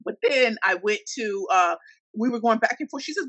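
A woman from St. Louis, Missouri, tells her story as an interview guest, bright and forceful in tone, her pitch set a little high. She brings the people in her story to life by acting out their voices. The sound is dry and close. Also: fairly quick, dry recording, rough recording. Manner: animated, acts out quoted voices. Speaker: guest entrepreneur.

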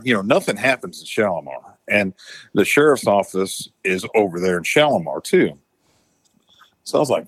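A man's voice: fairly low pitch, big pitch swings, moderate pace, slightly rough, dry recording. A man, a former tow truck driver, telling a rambling, profane story full of fillers and restarts. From Florida Panhandle, US. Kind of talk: casual storytelling.

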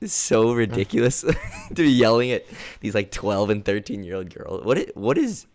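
A young man co-hosting a casual chat, asking the others relaxed questions. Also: lowish voice, normal speed. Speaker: podcast co-host.

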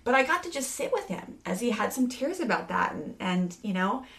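A woman's voice: on the high side, big pitch swings, brisk, fairly bright tone. Woman, thirties, earnest, rambling, many fillers, casual podcast talk. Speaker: parenting speaker.

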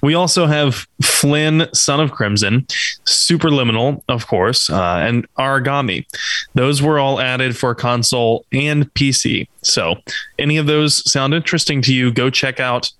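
An easygoing man hosting a gaming chat. His voice sits at a middle pitch and is recorded dry and close, with no room sound. He tosses out jokes between news items. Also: a little slow, a bit bright, no echo. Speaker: podcast host. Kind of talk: casual chat.

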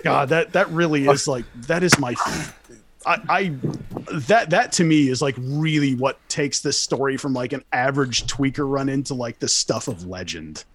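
A man's voice: medium pitch, moderate pace, noisy background. A young man telling a story casually, rambling and swearing with many fillers and restarts.

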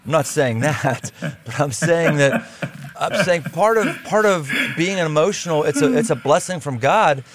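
A man's voice: fairly high pitch, expressive, a little slow, dry recording. A man hosting a podcast interview, conversational and joking with his guest. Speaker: podcast host.

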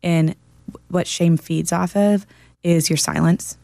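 A woman with a low voice and a gravelly edge shares an anecdote in an earnest, emphatic way. The sound is dry and close. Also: steady tone, takes it slowly, warm tone, dry recording. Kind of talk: casual podcast conversation.

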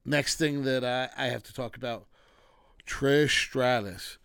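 A man's voice: mid-range voice, slow pace, creaky, sharp tone, clear, resonant tone, no room sound, studio quality. A man hosting a casual wrestling recap, ranting with exasperated, dismissive asides.

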